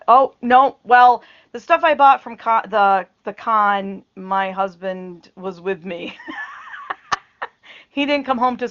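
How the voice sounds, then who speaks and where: A middle-aged woman chats slowly and unhurriedly on her home vlog, rambling from one aside to the next and laughing often. Her voice sits in a medium pitch, and the sound is dull and lo-fi. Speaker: vlogger. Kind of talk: casual chat.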